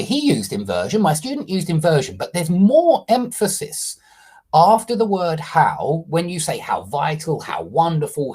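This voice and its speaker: A man teaching English online goes through corrections on a student's essay, explaining every change and often checking understanding with a questioning "yeah?". His pitch is fairly high, his tone darkish with a breathy edge.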